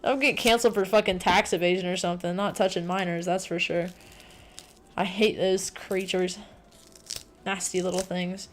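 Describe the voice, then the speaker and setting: A woman streamer chatting casually to her viewers, rambling, excitable and full of swearing. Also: medium pitch, normal speed. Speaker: livestreamer. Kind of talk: casual livestream chat.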